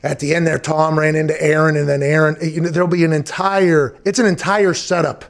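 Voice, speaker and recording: A man's voice: on the high side, little pitch movement, brisk, vocal fry. A man hosting a sports talk show, rambling and emphatic in casual chat, swearing freely.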